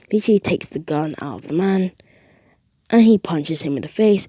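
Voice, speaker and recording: A woman's voice: lowish voice, a little mellow, no room sound. A woman casually retelling an improvised story, rambling along with fillers and strings of "and then.".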